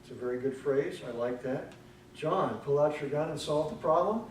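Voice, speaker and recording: A man's voice: a little high, slight background noise. Man, grammarian at a club meeting, dry humor, careful diction, heard from far off in a roomy hall. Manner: dry joking, corrective, pronounces words slowly. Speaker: grammarian and ah counter. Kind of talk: meeting speech evaluation. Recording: echoey room from far off.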